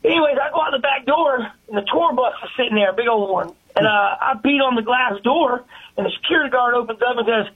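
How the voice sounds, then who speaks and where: A caller telling an animated story on air, acting out the voices. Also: female voice, fairly high pitch, quick pace, breathy edge. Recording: tinny phone line.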